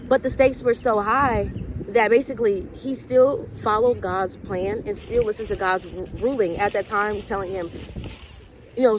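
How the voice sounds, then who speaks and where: A woman's voice: medium pitch, steady tone, moderate pace. Young woman host, easygoing movie recap, voices the dialogue, light traffic hum. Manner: chatty storyteller acting out quoted dialogue. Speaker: host of a faith vlog. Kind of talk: casual retelling of a movie.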